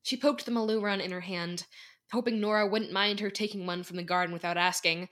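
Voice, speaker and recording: Bright-voiced teenage girl narrating a fan drama. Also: medium pitch. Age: teens. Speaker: co-narrator and voice actor. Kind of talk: fan audio drama reading.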